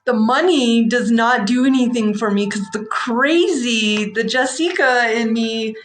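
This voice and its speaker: A woman in her forties, a psychic livestream host, telling a story in a frank, rambling, animated way with slang. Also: fairly high pitch, measured pace. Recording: echoey room.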